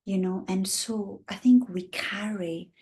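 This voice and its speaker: A woman's voice: mid-range voice, steady tone, slow pace, warm tone. A woman in her fifties with an Italian accent, a guest and women's coach talking passionately in a casual interview. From Italy. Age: 50s. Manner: passionate, acts out the voices of the women she describes.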